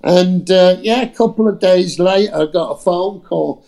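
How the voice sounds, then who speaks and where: A man, an actor telling an audition story in a casual, animated way, acting out the quotes and swearing freely. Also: high voice, normal speed, creaky, hardly any pauses. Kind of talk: casual anecdote on a podcast.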